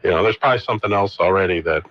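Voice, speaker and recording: A man's voice: sits low, racing, a little hiss or hum. A middle-aged man co-hosting a radio show in easygoing casual chat, laughing often and trailing off mid-sentence. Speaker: radio co-host. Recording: dull dry radio studio sound.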